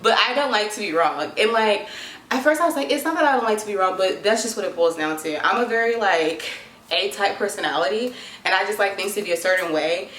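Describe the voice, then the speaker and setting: A woman's voice: mid-range voice, animated, fairly quick, a bit bright. A young woman talking casually to camera in an advice vlog, chatty and dramatic, full of "like". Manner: chatty, dramatic, lots of filler "like". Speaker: vlogger. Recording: echoey room.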